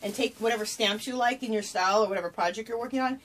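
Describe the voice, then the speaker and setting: Filming herself at home on a camera she set up, a woman opens a package of craft gifts and gushes with breathless cries of delight. Her voice is fairly high and fairly bright, she talks very fast, and there's a little background noise.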